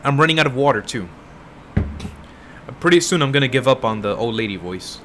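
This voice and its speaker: A man's voice: medium pitch, animated, a little fast, a bit bright. Young guy streaming a game, voice worn out, rambling jokey asides, faint noise behind. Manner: self-deprecating, rambling asides. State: tired voice. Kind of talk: casual gameplay commentary.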